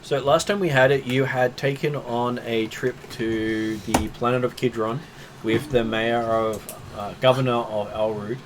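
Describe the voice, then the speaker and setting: A man as game master, recapping the last session in a measured, hesitant way. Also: medium pitch, fairly even intonation, noisy background.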